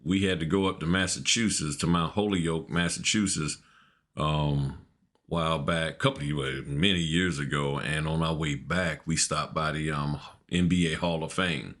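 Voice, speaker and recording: Deep-voiced laid-back man telling stories. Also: fairly even intonation, moderate pace, a bit bright. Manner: laid-back, laughing, slangy storyteller. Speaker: podcast co-host. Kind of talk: casual storytelling chat.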